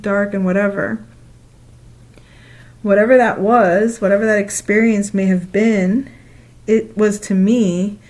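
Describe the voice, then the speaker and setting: A woman talking casually in a spiritual monologue, animated and playful, acting out her own past thoughts with laughing asides and long loose lists. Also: medium pitch. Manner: repetitive listing, loose conversational phrasing. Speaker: spiritual speaker.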